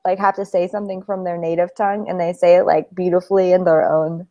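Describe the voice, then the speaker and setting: A woman's voice: fairly low pitch, flat delivery, fast, mellow, dull audio. A young woman co-hosting a casual podcast chat, telling stories and laughing often. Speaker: podcast co-host.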